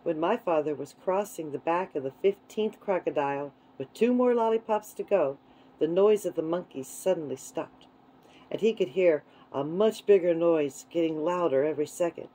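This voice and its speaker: A woman reading a children's book aloud in a gentle, unhurried way. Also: on the low side, low-quality recording. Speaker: storyteller.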